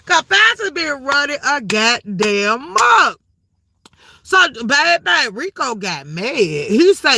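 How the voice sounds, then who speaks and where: A woman hosting a livestream, spilling gossip to her chat in a brash, profane way. She laughs often and keeps calling the viewers "baby". Her high voice has a hard, piercing edge, and it sounds close and dry. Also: very animated, slow, bright, forceful tone, dry recording. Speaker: livestream host. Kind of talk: casual gossip commentary to a live chat.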